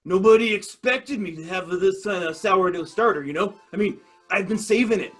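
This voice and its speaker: A man's voice: high voice, moderate pace, faint music behind. A man playing an improv comedy scene over a video call, mock-formal and playful. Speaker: improv player.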